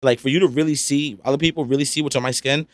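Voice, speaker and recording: A man's voice: medium pitch, fairly even intonation, quick pace, dry recording. A young man, a podcast guest chatting casually in a laid-back, slangy, rambling way. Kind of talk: casual chat. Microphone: studio podcast mic.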